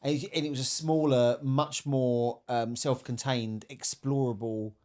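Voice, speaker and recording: A man's voice: mid-range voice, fairly even intonation, measured pace, a little mellow. A man talking in a casual podcast chat, telling travel stories in a reflective way. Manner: reflective, storytelling.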